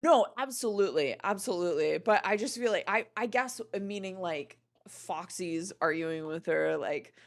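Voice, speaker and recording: A woman co-hosting a livestream in casual chat, blunt and swearing freely as she tells animated stories. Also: on the low side, normal speed, few pauses. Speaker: livestream co-host.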